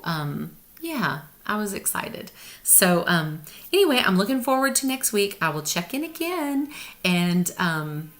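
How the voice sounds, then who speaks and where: Chatty middle-aged woman, low-ish voice. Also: a bit bright. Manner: chatty, rambling, upbeat with many fillers. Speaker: vlogger. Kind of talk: casual video diary.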